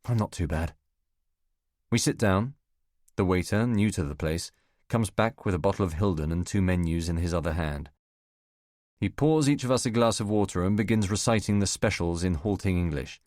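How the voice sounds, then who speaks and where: A man reading a first-person spy novel as an audiobook narrator, measured and wry. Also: deep voice, a little mellow, dry recording, studio quality.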